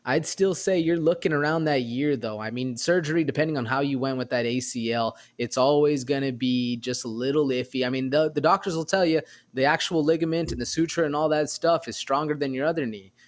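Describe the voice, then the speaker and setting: This man co-hosts a sports podcast, and his mid-range voice moves fairly quickly, barely pausing, as he casually talks over an upcoming fight. Every so often his words get tangled.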